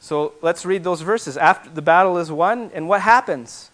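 A man preaching a sermon as pastor, building to loud, emphatic repetition and then dropping to quiet asides. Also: high voice, normal speed, few pauses.

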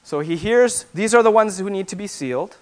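A man preaching a sermon as pastor, building to loud, emphatic repetition and then dropping to quiet asides. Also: high voice, expressive, brisk.

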